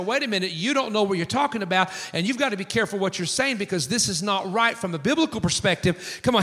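A man preaching a sermon, telling stories with acted-out quotes. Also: sits high. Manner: animated storytelling with acted quotes. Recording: long hall reverb.

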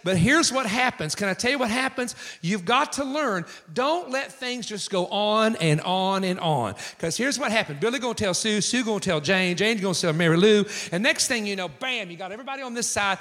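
Animated preacher in a reverberant hall. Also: male voice, sits high, a little fast, few pauses. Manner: animated storytelling with acted quotes. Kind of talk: sermon.

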